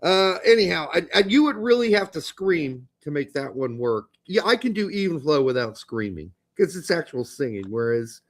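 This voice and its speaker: A man's voice: medium pitch, expressive, moderate pace. A man co-hosting a soccer podcast, speaking bluntly with casual swearing and joking asides. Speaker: podcast co-host.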